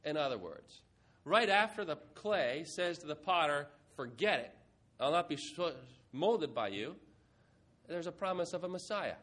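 A man preaching a sermon, moving from quiet reflection to a playful mock auction with the congregation. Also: a little high, very animated, moderate pace. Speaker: pastor.

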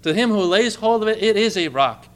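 Bright, high-voiced man preaching. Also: lively intonation, fairly quick. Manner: emphatic preaching, quoting scripture with rising fervor. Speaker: pastor. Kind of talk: sermon.

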